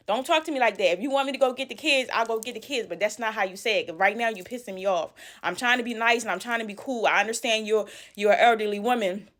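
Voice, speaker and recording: Emphatic, animated woman telling a story. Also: mid-range voice. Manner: animated, emphatic, repeats lines for effect. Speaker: storytime vlogger. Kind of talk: storytime vlog.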